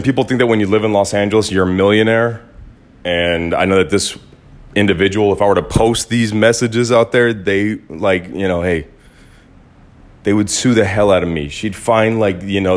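A man hosting his own podcast, talking in a blunt, casual monologue with some swearing. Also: lowish voice. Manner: blunt, swears, animated when quoting others. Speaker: podcast host. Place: Los Angeles.

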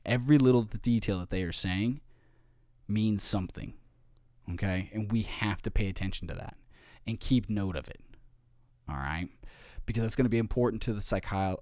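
A man's voice: fairly low pitch, no room sound, studio quality. A man giving an informal training talk, often checking in with "okay?" and "right?".

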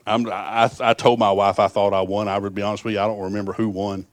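A man's voice: lowish voice, flat delivery, fast, few pauses, no room sound. A middle-aged man preaching a sermon, telling folksy stories that swell into fervent appeals.

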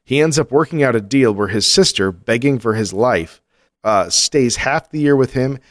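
A man's voice: medium pitch, lively intonation, normal speed, no room sound, clean studio sound. A man co-hosting a podcast, telling myths casually and breaking off with jokey asides. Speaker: podcast co-host. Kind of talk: casual storytelling chat.

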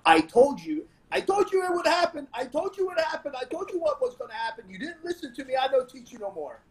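Dude impersonating his annoyed old coach w/ an accent, high and exasperated. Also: very animated, quick pace. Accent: Portuguese-speaking. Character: frustrated male jiu-jitsu instructor.

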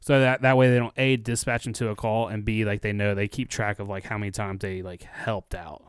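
A young man on a podcast, casually telling a profane, animated story and acting out the people in it. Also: fairly low pitch, a little fast, clear, resonant tone, no echo, clean studio sound. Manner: profane, animated retelling with quoted voices. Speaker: podcast co-host.

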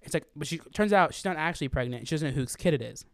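Fast-talking man recapping a movie. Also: a little high, animated, no room sound, clean studio sound. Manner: rapid, rambling, quotes movie lines in exaggerated voices. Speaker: podcast co-host. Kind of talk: casual film discussion.

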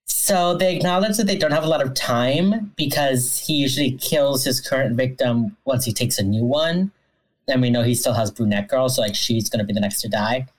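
A woman co-hosting a podcast, recapping a TV episode in casual, dry, deadpan chat. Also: rumbling low, moderate pace, low-quality recording. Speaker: podcast co-host.

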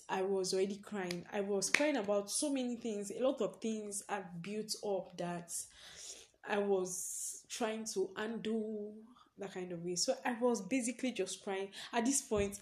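A young woman talks through a personal story on her podcast in a loose, conversational style. She keeps leaning on the word "basically" and breaks into short laughs. Her voice sits at a middling pitch for a woman. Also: measured pace. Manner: chatty storytelling, leans on "basically", laughs often. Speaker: podcast host. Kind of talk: casual personal podcast monologue.

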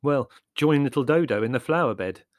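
A man's voice: mid-range voice, animated, a little fast, no room sound, clean studio sound, natural voice. A man voicing a sardonic young man in an audiobook, arch and cutting with theatrical disdain. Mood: scornful.

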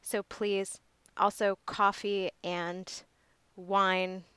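Woman, podcast guest, slow pace, smooth crisp voice, laughs a lot. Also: medium pitch, flat delivery, pushed and bright, no room sound. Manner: laughs often, chatty. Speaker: podcast guest, sports journalist. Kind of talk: casual chat.

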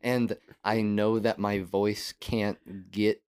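Young man, low-ish voice, casual podcast co-host, rambling, laughs a lot. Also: level tone, slow pace, darkish tone, clean tone. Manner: rambling, laughs often, trails off mid-thought. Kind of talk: casual chat.

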